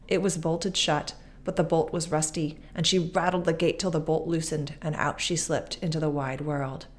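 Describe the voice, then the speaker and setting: A woman with a low voice reads a fairy tale aloud. Her narration is measured and expressive, a storyteller's steady pace. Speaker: podcast guest reading aloud.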